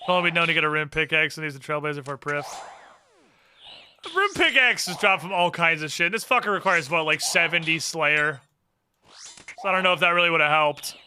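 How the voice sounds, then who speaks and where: A man with a high, very bright voice chats casually while streaming a game. He is sardonic and mutters under his breath between rants, and a faint hiss sits behind him. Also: brisk. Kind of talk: casual live-stream chat while gaming.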